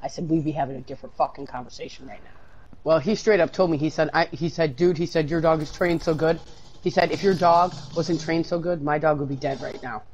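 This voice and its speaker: A man's voice: fairly high pitch, fairly even intonation, a little fast, highs cut off, a little hiss or hum. A man chatting casually while playing a game, swearing constantly and telling a long rambling story. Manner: swears constantly, loud outbursts when losing. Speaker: co-player. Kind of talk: casual gaming chat.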